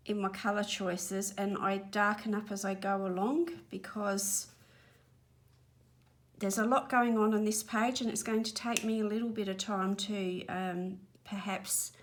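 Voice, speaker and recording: An Australian woman chatting casually while colouring at home, a bit breathless and apologetic, rambling as she works. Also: medium pitch. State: slightly out of breath. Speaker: colouring channel host. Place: home spare room studio.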